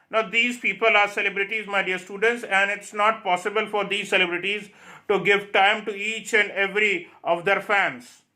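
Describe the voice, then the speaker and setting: A man's voice: sits high, sharp tone. A male English teacher explaining a story to his students, reading lines aloud and then restating them in plain words, with many fillers.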